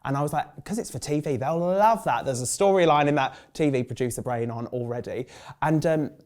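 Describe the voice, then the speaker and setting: A man in his thirties from England with a Birmingham accent, a drag performer telling lively stories in an interview, acting out other people's voices and filling his talk with "like". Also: a little high, a little fast. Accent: Birmingham English. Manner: animated, acts out quoted voices, many "like" fillers. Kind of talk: casual storytelling interview.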